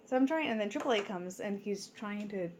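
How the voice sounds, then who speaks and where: A woman's voice: medium pitch, lively intonation, fairly quick, a little hiss or hum. A woman in her thirties telling a long everyday story in a casual vlog at home, rambling with many fillers and restarts. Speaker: vlogger.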